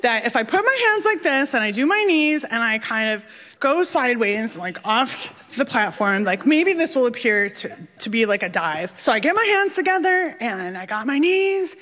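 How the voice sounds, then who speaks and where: A woman with a slightly high voice spins a personal story to a live room, animated and laughing at her own mishaps. Her voice trails off into the long reverb of a big hall. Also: moderate pace. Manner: animated, self-mocking, laughing through lines.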